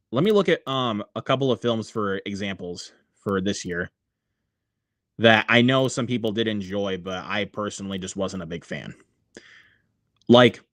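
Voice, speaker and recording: A man's voice: medium pitch, a bit bright, no echo. A man hosting a casual livestream, rambling with many fillers and reading viewer comments aloud. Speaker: livestream host.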